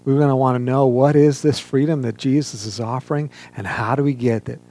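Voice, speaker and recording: Gravelly-voiced male pastor preaching. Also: medium pitch, steady tone, dark tone. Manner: earnest, measured preaching with emphatic pauses. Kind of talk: sermon. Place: church, streamed online service.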